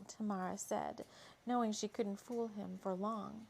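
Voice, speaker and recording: Brief: woman storyteller, mid-pitched, leisurely dramatic reading with casual asides. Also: steady tone, measured pace, creaky, a little mellow, a little hiss or hum. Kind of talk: reading a spooky romance story aloud.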